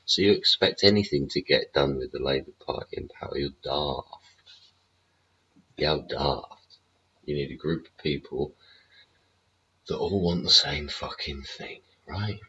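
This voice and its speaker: A British man with an extremely deep, husky voice rants about politics on his livestream, blunt and full of swearing. He keeps checking in with rhetorical tags. The audio is dull and lo-fi, like a cheap stream mic. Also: lively intonation, normal speed, pushed and bright. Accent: British English. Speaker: livestream host.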